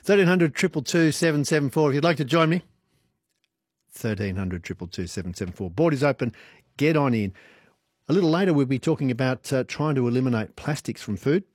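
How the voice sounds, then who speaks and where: A man's voice: medium pitch, expressive, a little fast, slightly rough, no room sound, studio quality. Playful Australian male radio host. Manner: playful, laughs easily. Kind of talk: casual radio chat. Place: radio studio.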